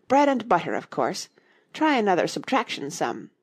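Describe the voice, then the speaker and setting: A woman's voice: mid-range voice, big pitch swings, normal speed, breathy edge, pitched above the performer's own voice. A woman voicing a domineering queen who lectures and quizzes, speaking emphatically. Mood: bossy. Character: bossy domineering storybook queen, loud and stern.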